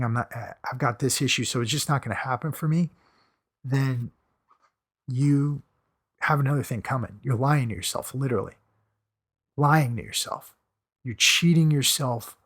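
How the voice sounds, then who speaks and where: Male podcast host, hoarse from losing his voice, punchy motivational delivery with repeated phrases. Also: medium pitch. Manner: emphatic, repeats phrases for stress.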